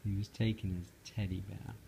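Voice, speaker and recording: A father slowly reading a bedtime storybook aloud to his daughter, gentle and lively. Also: sits low, gravelly, noisy background.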